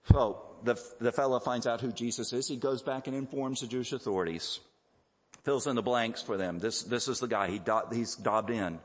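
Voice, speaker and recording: A man preaching a sermon in a measured, explanatory way, often pausing with fillers and repeated words. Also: lowish voice. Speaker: pastor. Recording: echoey hall.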